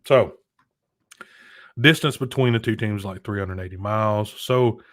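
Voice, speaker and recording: Low-voiced man ranting on a podcast. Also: unhurried, no echo, clean studio sound. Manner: rambling, animated, rants with many restarts. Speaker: podcast co-host. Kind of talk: casual chat.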